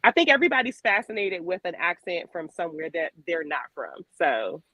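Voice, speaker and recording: A woman's voice: lowish voice, sing-song, a little fast, sharp tone, no echo, rough recording. A woman from Maryland hosting a radio talk show, chatting casually and laughing often. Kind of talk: casual interview chat.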